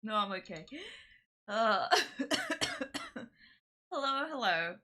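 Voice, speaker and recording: A woman's voice: medium pitch, lively intonation, slow, sharp tone. A young woman with a cold, chatting with viewers on a live stream in a nasal, congested voice, rambling with lots of fillers.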